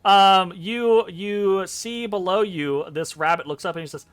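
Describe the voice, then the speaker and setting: A man's voice: sits high, measured pace, few pauses, smooth, soft background music. A man running a tabletop game as game master, narrating animatedly with frequent ums and swearing. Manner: animated, profane, lots of ums.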